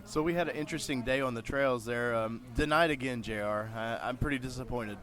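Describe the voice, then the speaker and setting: A man's voice: medium pitch, a little fast, a bit bright. Guy hosting an off-road podcast from the trail, jokey rambling chat. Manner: joking, rambling, self-mocking. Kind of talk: casual chat.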